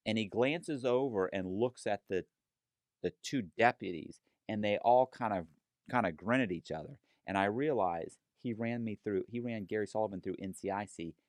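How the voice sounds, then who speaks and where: A man telling a story in a casual interview, animated and profane, acting out other people's lines as he goes. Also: on the low side, moderate pace, no room sound. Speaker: guest telling his story.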